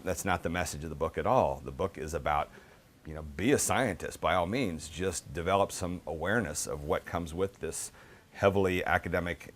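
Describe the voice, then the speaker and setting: A middle-aged man giving a book talk, telling casual, animated anecdotes with lots of fillers. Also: low voice. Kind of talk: storytelling talk.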